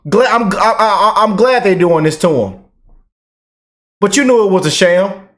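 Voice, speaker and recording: A man hosting a reaction channel, talking casually and excitedly to his viewers in fast bursts. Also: sits high. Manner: excited, animated, talks fast in bursts, drawls slow commands. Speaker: commentary channel host.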